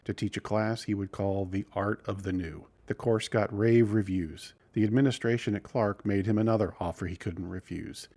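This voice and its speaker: Male host-narrator, lower pitch, scripted and even delivery.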